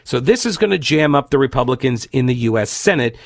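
A man hosting a political talk radio show, giving animated, exasperated commentary with many fillers and restarts. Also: medium pitch, fast, gravelly, dry recording, clean studio sound.

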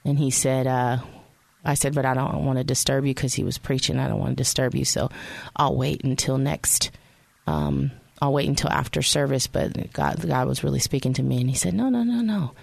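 A woman's voice: a bass voice, little pitch movement, normal speed, vocal fry, darkish tone, no echo. A woman hosting a radio show, telling a personal faith story in a chatty way and speaking straight to her listeners. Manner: chatty, addresses listeners directly.

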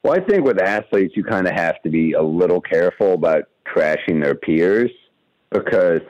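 A man with a low voice tells wry stories on a podcast, acting out little quoted asides as he goes. The sound is dry and a bit muffled, like a radio studio feed. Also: animated, normal speed, dry recording. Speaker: comedian guest. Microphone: studio microphone.

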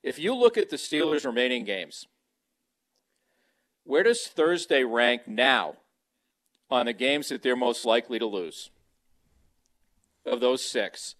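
A man's voice: medium pitch, expressive, takes it slowly, long pauses, a bit bright. A man talking football as a radio guest from his home, rambling with many restarts, on a handheld microphone. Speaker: guest on sports talk radio. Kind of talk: casual sports talk over a remote mic. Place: at home, beside a kitchen.

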